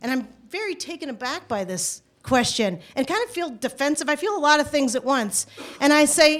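A woman telling a personal story out loud, conversational and halting, with frequent restarts. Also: sits high. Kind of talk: first-person spoken storytelling.

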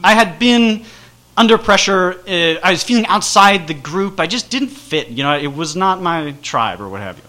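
A man casually telling a rambling, self-deprecating personal story with animated energy. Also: high-pitched, normal speed.

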